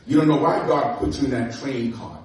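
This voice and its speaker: A man's voice: medium pitch, fairly quick. A pastor, preaching a sermon full of stories, acting out dialogue with laughter in his voice. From New York. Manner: animated, acts out dialogue, laughs often. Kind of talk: sermon with storytelling. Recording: echoey room from far off.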